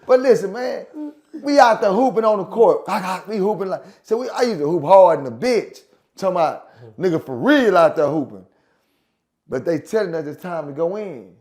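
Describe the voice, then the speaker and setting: A man telling profane, animated prison stories in casual chat, repeating phrases for effect. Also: sits high, moderate pace. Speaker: guest storyteller.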